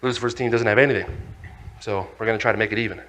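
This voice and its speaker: A man voicing a calm, reassuring male coach who speaks patiently and soothingly. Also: fairly low pitch, rapid-fire, natural voice.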